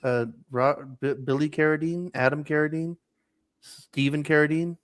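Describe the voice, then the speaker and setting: A man co-hosting a casual podcast chat, adding dry deadpan quips. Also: on the high side, normal speed, no room sound. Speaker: podcast co-host.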